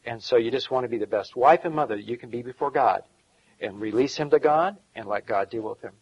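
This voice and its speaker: A man's voice: mid-range voice, fairly quick, a little mellow, slightly rough, lo-fi sound. A middle-aged man preaching a sermon as pastor, in a folksy style with chuckles and asides.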